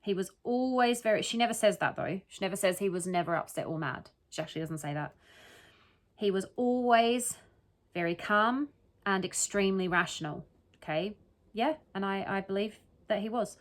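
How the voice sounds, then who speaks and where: A woman's voice: medium pitch, moderate pace. A woman giving casual solo commentary that analyzes the wording of an interview, thinking aloud and often checking in with "right?" and "okay?". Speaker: true crime commentator.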